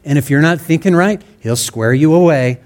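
A man's voice: fairly high pitch, moderate pace, a little mellow. A man preaching a sermon in an earnest, conversational way, acting out sample prayers in his own words. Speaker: pastor.

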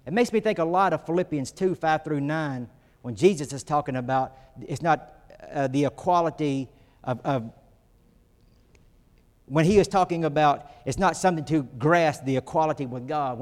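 A pastor with a somewhat high, slightly mellow voice preaches at a moderate pace, earnest throughout. Long hall reverb surrounds him, and he lifts his voice for emphasis and rises when acting out quotes.

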